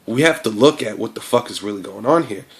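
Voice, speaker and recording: Fiery, profane man with a low voice. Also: lively intonation, quick pace. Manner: impassioned and profane, with many fillers. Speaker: vlogger. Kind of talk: ranting monologue to camera.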